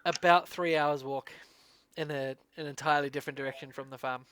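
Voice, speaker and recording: A man running a tabletop fantasy game as dungeon master. He narrates in a relaxed way with fillers and laughs. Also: fairly high pitch, fairly quick, clean tone, no room sound.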